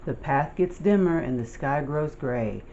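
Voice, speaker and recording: An adult reads a children's picture book aloud at an unhurried, careful pace, lingering over each line. The voice sits at a middling pitch. The recording sounds dull and lo-fi. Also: animated, a little mellow, a little hiss or hum. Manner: slow, deliberate storytelling delivery. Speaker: storybook reader.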